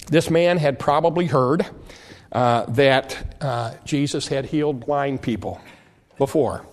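A male preacher giving a sermon who explains scripture verse by verse, often stumbling over and repeating his words as he goes. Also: mid-range voice.

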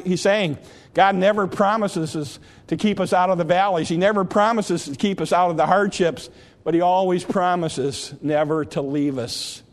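A man preaching a sermon with impassioned, repetitive delivery that swells and then hushes. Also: high-pitched, long reverb tail.

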